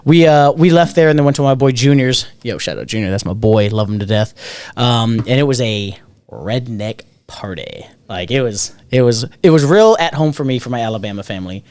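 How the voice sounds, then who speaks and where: A man's voice: mid-range voice, expressive, brisk, darkish tone, smooth, dry recording. A man co-hosting a podcast, telling a party story in casual, rambling chat and swearing freely. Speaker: podcast co-host.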